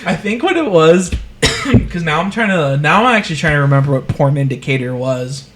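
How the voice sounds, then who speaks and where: Young man, podcast co-host, casual chat, crude animated storytelling, slightly high voice. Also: moderate pace, noisy background.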